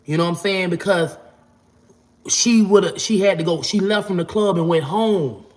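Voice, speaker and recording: A man in his 40s from Florida vlogs with a high-pitched voice at a moderate pace. He casually rambles through a long, profane tale, acting out quotes in a raised voice.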